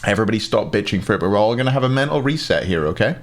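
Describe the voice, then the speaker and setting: A young man with a mild Scottish accent talks in a slightly low voice, loose and conversational as he ranks players. He is opinionated and keeps answering his chat. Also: animated, very fast. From Scotland. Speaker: streamer ranking esports players. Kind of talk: casual live-stream commentary.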